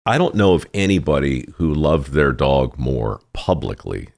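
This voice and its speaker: A man's voice: rumbling low, lively intonation, normal speed, creaky, darkish tone. A man hosting a podcast in casual conversation, with dry, wry humor. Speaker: podcast host.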